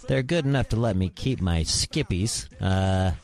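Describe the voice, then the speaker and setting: Low, slow deadpan man from New Jersey, lively pitch, light music bed. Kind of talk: casual studio banter.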